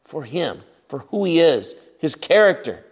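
A man's voice: on the high side, big pitch swings, a little slow, slightly rough. A man preaching an expository sermon, emphatic and often repeating his words as he acts out the scripture scenes.

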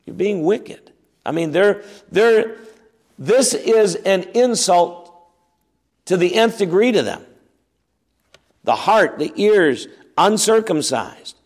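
A man's voice: sits high, very animated, takes it slowly, long pauses. A man teaching the Bible verse by verse, reading passages aloud and explaining them with emphasis. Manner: emphatic, reads scripture aloud then explains it.

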